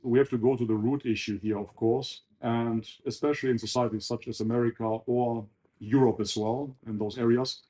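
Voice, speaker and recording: A man being interviewed on a podcast, explaining his views in a steady, lecturing way. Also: mid-range voice, moderate pace. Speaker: interview guest. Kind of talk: casual interview chat.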